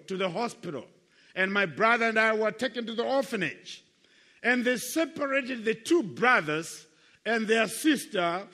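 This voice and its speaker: A man's voice: high-pitched, vocal fry, pushed and bright, in a large hall. An older man giving an earnest, emphatic testimony sermon to young people as a Christian speaker, repeating his key phrases for weight.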